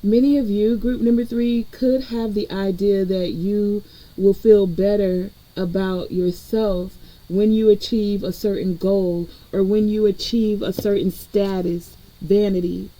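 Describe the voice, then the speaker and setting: A woman's voice: medium pitch, steady tone, measured pace, mellow, rough recording. A woman energy reader giving a collective spiritual reading in a conversational way, talking straight to her viewers. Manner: conversational, addresses viewers directly.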